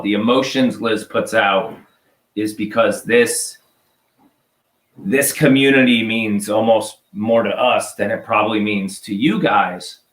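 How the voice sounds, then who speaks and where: A man co-hosts a farm livestream and talks to viewers in a blunt, frustrated way. His voice is on the low side. The recording carries an echoey room sound. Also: fairly bright tone. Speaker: farm channel co-host.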